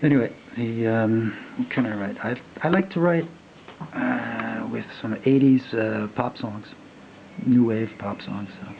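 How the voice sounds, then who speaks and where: A man in his fifties casually reviewing a fountain pen, talking in a halting, rambling way with lots of fillers and trailing off as he writes. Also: medium pitch, gravelly, narrow, tinny audio, a little hiss or hum. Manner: rambling, halting, many fillers, drifts to a mutter while writing. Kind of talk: casual unboxing and writing test.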